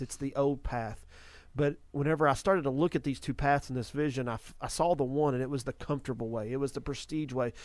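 A man's voice: mid-range voice, darkish tone, no room sound. A man hosting a Christian ministry show, earnestly preaching about a vision and repeating phrases for emphasis.

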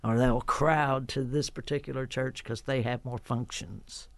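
A folksy man co-hosting a church chat show, laughing often and musing about the crowds in churches today. He speaks at a mid pitch. The sound is dry and close, with no room echo. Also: steady tone, measured pace, fairly bright tone. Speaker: co-host. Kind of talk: casual chat and Bible discussion.

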